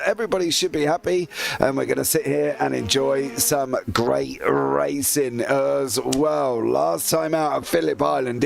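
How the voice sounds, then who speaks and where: A man's voice: mid-range voice, vocal fry. A man hosting and commentating a sim racing broadcast in a chatty, upbeat, self-deprecating way. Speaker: race commentator and host.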